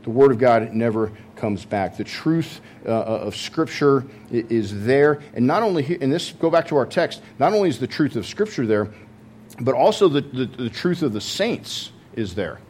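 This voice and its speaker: A man's voice: mid-range voice, big pitch swings, normal speed, a little mellow, a little hiss or hum. A man preaching a sermon, telling a story in a conversational way with many fillers and restarts. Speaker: pastor.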